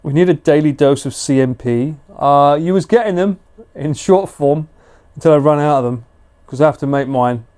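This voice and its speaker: A man's voice: on the high side, normal speed, a little mellow. A British man chatting casually and slangily with viewers on a live stream. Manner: chatty, laid-back, slangy.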